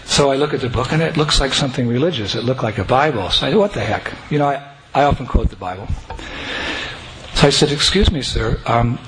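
A man telling a personal devotional story to an audience, animated and breaking into chanting and joyful shouts. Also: mid-range voice, quick pace. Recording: noisy recording.

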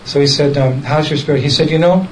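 A man's voice: fairly high pitch, quick pace, slight background noise, poor audio. Man chuckling through a story. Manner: chuckles often while telling, quotes others directly. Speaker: devotee recounting a memory. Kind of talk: casual storytelling talk.

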